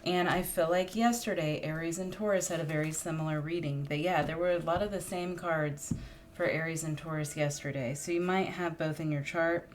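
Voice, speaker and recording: A woman's voice: sits low, steady tone, a little fast, a little hiss or hum. A woman reading tarot cards in a casual, musing monologue, thinking aloud and getting emotional as she draws cards. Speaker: tarot reader.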